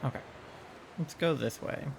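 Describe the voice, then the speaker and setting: This man chats and rambles playfully at a moderate pace while streaming a video game live from home, laughing and squealing now and then. He seems a little sleepy and yawns, and background noise can be heard.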